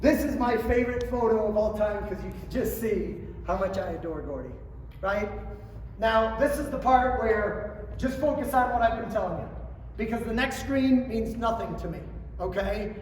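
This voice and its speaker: A middle-aged man giving a motivational storytelling talk to coaches, acting out quotes and swinging from quiet asides to shouting. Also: high voice, moderate pace, a little hiss or hum. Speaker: coach clinic speaker. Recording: roomy hall, distant mic, faint ambience.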